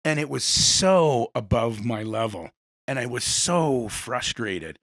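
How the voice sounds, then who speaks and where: A man hosting a casual interview, telling rambling animated stories. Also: medium pitch, takes it slowly, no echo. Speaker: podcast host.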